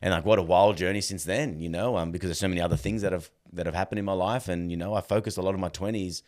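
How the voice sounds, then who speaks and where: Guy in his thirties, very deep voice, chatty guest who re-enacts conversations, lots of "bro". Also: fast talker. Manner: animated, acts out dialogue, fills with "like" and "bro". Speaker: podcast guest. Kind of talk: casual storytelling.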